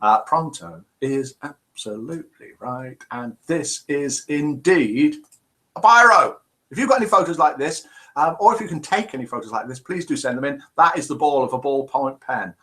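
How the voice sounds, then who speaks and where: A man's voice: medium pitch, lively intonation, normal speed, a bit bright. A man hosting a casual live stream, chatting and reading out viewer messages. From England. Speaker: live show host.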